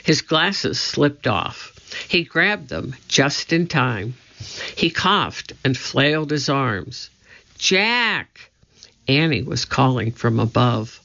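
This storybook narration comes from a man reading a children's book aloud at a slow, measured pace meant to build suspense. His mid-range voice is expressive, bright and a bit gravelly, though the lo-fi recording sounds dull.

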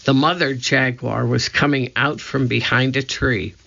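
Slow, gravelly audiobook narrator. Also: mid-range voice, lo-fi sound. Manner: steady, clear storytelling. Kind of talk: children's book read aloud.

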